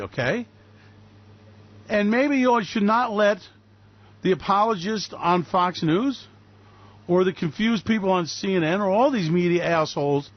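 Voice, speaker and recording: A man's voice: sits high, highs cut off. A male radio host in an angry, sarcastic, profane political rant. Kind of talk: ranting political commentary.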